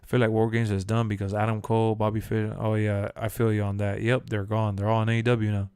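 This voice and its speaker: A young man chatting casually on a live stream, answering chat in loose slang and bursting into loud shouts when he quotes people. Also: lowish voice, fast, smooth, no echo, clean studio sound. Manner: animated, jumps to shouts when quoting.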